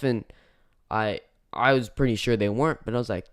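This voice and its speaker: Male reviewer, casual and rambling, smooth clear voice, dry close recording. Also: mid-range voice, wildly swooping pitch, normal speed, no echo. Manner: rambling, self-correcting, lots of fillers. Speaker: movie reviewer. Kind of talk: casual spoken movie review.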